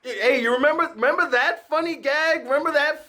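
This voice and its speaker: A man hosting his own channel, giving a casual, sarcastic film review with animated ranting. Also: very high-pitched, fairly quick, hardly any pauses. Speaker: film critic and channel host.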